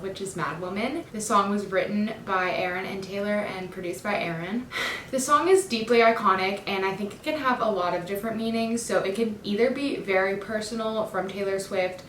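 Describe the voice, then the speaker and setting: Slightly bright and far from the mic, a woman chats enthusiastically about song lyrics, leaning on plenty of fillers as a music fan breaking down an album. Expect an echoey room, an off-mic voice, and a faint low rumble.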